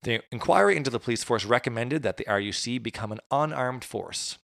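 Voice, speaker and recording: A man's voice: mid-range voice, fairly quick, gravelly, a bit bright, no room sound, studio quality. A man recounting history in a casual chat, with jokey asides. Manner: conversational storytelling, jokey asides. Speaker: podcast host.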